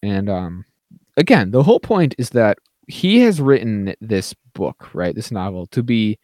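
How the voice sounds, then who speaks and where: A man's voice: fairly low pitch, sing-song, measured pace, a little mellow, dry recording. A man co-hosting a podcast, chatting casually about a film and often saying "like I said" and "right?". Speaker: podcast co-host.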